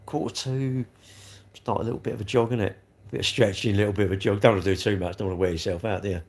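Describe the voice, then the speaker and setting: A man's voice: fairly low pitch, steady tone, rapid-fire, darkish tone. A middle-aged man with a South East London accent, chatting and rambling on a casual live stream, full of tag questions. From England. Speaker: livestream host.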